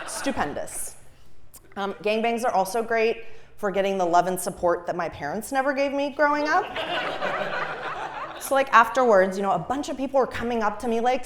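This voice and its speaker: Young woman from Los Angeles, stand-up comic, higher voice that swings widely, animated delivery that laughs through its own jokes. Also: normal speed, long pauses, background noise. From Los Angeles, USA. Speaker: stand-up comedian. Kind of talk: stand-up comedy set. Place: comedy stage before a live audience.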